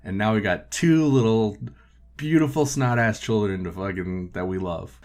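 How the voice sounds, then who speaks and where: Male podcast host, low voice, profane and animated, casual film recap. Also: moderate pace.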